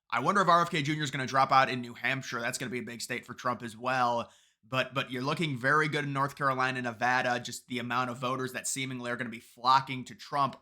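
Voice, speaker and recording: Man, very bright and sharp voice, opinionated political commentary, mocking asides, mid pitch. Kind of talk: casual political commentary video.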